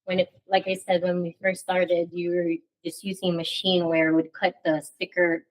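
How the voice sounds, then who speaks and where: A woman guest on a radio talk show, speaking softly and from the heart about her family business. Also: on the low side, flat delivery, moderate pace, rough recording. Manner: soft, heartfelt. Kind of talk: radio interview.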